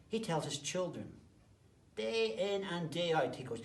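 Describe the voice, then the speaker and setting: A man, a teacher, telling a story to children, swinging between whispered asides and sudden loud bursts. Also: on the high side, very animated, measured pace. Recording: roomy, distant mic, faint background noise.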